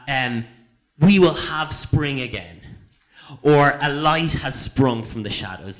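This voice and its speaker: A man giving an informal sermon, conversational, with many fillers and restarts, quiet at times and emphatic at others. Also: mid-range voice. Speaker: preacher.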